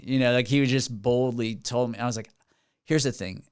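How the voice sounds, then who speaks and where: A man's voice: mid-range voice, brisk, smooth, no echo, clean studio sound. A man in his forties, a musician guest on a podcast, telling stories in an earnest, rambling way with many restarts. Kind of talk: casual podcast interview. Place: podcast studio.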